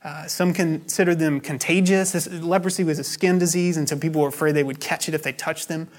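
A man's voice: on the high side, steady tone, fairly quick. A man preaching a sermon as pastor, explaining scripture in a conversational, teaching way.

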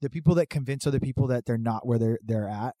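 A man tells a prank story in relaxed chat, switching voices as he plays each person in it. His pitch jumps around, and the close microphone leaves almost no room sound. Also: fast talker, no echo. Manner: animated storyteller acting out both sides of a prank. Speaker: podcast guest telling stories. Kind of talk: casual chat.

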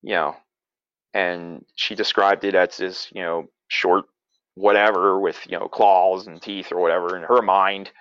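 A man from Pennsylvania with a lowish voice, telling a childhood story in a loose, rambling way and chuckling as he goes. The sound is dry and close, with a slightly dull, narrow tone. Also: little pitch movement, measured pace, fairly bright tone, dry recording. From south-central Pennsylvania. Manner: rambling, chuckling, self-correcting. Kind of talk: casual storytelling.

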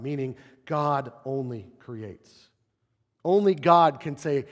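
A man's voice: medium pitch, slow pace. A man preaching a sermon, telling stories and acting out the quotes he cites. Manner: animated storytelling, acts out quotes. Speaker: pastor. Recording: long reverb of a large hall.

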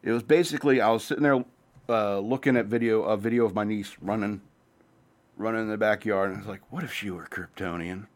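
Man hosting his own show, low-ish voice, loose rambling chat with swearing, hops from topic to topic. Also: steady tone. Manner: rambling, profane, jumps between topics; says he talks fast. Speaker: podcast host. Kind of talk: casual rambling monologue.

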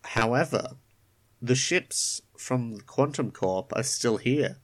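A man running a tabletop game, narrating scenes in a calm, descriptive way. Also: mid-range voice. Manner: unhurried, descriptive. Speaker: game master.

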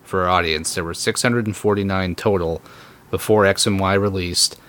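Very deep, bright-toned man. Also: steady tone, normal speed. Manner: enthusiastic, detail-heavy, crude. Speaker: podcast guest. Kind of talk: casual chat.

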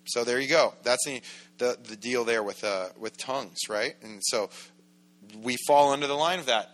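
A man's voice: medium pitch, normal speed, fairly bright tone. A man preaching a sermon as pastor in a church, in a conversational, joking way that acts out quoted voices. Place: church sanctuary.

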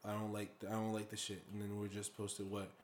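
Young man, podcast co-host, lowish voice, laid-back, rambling, swears casually. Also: completely flat delivery, quick pace, a little hiss or hum. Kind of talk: casual chat.

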